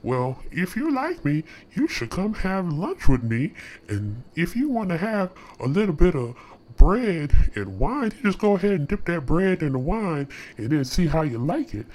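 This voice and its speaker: Woman voicing a smooth, sweet-talking wealthy man, swooping pitch, flirty drawl. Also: big pitch swings, normal speed, darkish tone, slight background noise.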